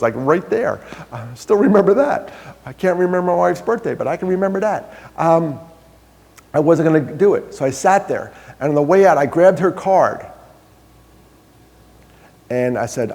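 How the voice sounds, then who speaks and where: A man with a slightly higher voice speaks to a live audience in a large hall, and his words trail off in a long reverb. He tells personal stories casually and pokes fun at himself. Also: darkish tone. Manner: self-deprecating humor, conversational. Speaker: guest speaker. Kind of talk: personal storytelling talk to an audience.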